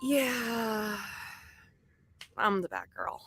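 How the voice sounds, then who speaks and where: A woman's voice: on the high side, extremely slow, gravelly, a bit bright, faint music behind, exaggerated voice. A woman voicing a defiant, feisty young heroine in a fan audio drama, with sassy delivery.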